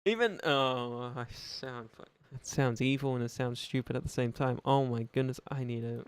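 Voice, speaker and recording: A man's voice: medium pitch, moderate pace, clear, resonant tone. A young man streaming a game and chatting with viewers, rambling, laughing often and acting out both sides of imagined conversations. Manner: rambling, self-mocking, laughs a lot. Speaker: gaming streamer. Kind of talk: casual live-stream chat reading viewer comments.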